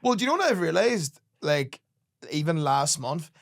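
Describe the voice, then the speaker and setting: A man's voice: fairly high pitch, sing-song, normal speed, vocal fry. A young man on a podcast, telling stories and acting out quoted people with sweary punchlines. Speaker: podcast guest, comedian. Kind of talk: casual chat, storytelling.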